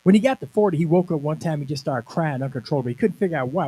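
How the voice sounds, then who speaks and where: A man's voice: a little high, animated, fast, hardly any pauses, warm tone, low-quality recording. A man in his sixties, a minister, telling a personal testimony at a conference in a conversational, emphatic storytelling way. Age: 60s. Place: conference venue.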